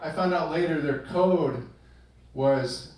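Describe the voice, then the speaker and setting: Taking it slowly, an older man with a fairly high voice does dry, self-deprecating stand-up on a club stage. The sound is echoey, with a distant mic and loud noise.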